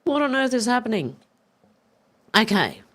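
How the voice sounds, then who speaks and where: A woman's voice: a little high, big pitch swings, measured pace, fairly bright tone. A woman, hosting a casual live stream and reading out chat comments in a chatty, swearing, self-mocking way. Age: 50s. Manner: chatty, swearing, laughing and confused over a joke. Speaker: livestream host reading chat.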